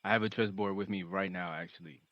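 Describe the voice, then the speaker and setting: A man's voice: deep voice, steady tone, quick pace, fairly bright tone, no room sound, lo-fi sound. A man voicing a boastful teen boy demigod chess champion with a brash, teasing way of talking.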